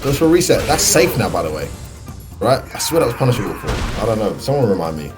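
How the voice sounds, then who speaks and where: A British man calls a fighting-game match live, talking quickly with a lively, swinging delivery. He is excitable and chatty, and music plays behind him. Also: on the low side. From United Kingdom. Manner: excitable, chatty, laughs often. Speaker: esports commentator.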